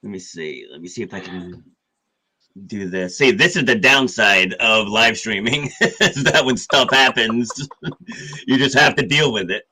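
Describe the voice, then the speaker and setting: Casting: man, 50s, bright forceful tone, easygoing live-stream host. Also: on the low side, a little slow, slightly rough, rough recording. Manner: easygoing, laughs it off. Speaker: podcast host. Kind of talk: casual live-stream interview.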